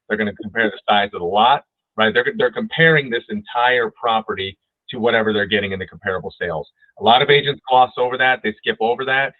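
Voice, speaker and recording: A man's voice: medium pitch, no room sound. Emphatic male broker on a tinny line. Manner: emphatic, keeps asking "right?". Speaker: real estate broker and trainer. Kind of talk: training webinar. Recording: tinny phone-like dry audio.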